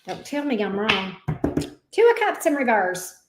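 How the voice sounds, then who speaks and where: A woman's voice: a little high, big pitch swings, a little slow, background noise. A woman giving a live tarot reading, chatting with viewers in an exclamatory, teasing way and swearing casually. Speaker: tarot reader. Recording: echoey room.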